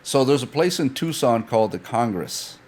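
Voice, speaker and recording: A man's voice: mid-range voice, normal speed. A man telling a story in casual chat, swearing freely and acting out dialogue. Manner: animated anecdote teller, swears freely, acts out dialogue. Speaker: guest.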